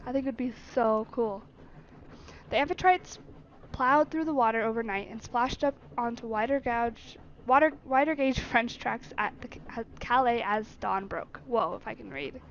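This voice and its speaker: High-voiced woman streamer reading a game. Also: normal speed, dull audio, a little hiss or hum. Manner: chatty asides between read passages. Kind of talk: let's play, reading a story game aloud.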